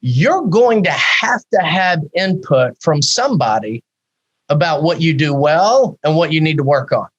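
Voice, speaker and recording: A man in his fifties, a psychologist guest in a podcast interview, talking in a candid, animated way with many rhetorical questions. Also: fairly high pitch, unhurried, highs cut off.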